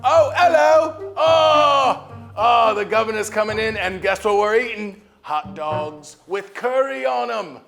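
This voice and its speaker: Young man, very high voice, gravelly, slow, yelling comic hot dog pitches, mock accents, music behind. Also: expressive. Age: young adult. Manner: loud, yelling sales-pitch delivery. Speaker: student contestant.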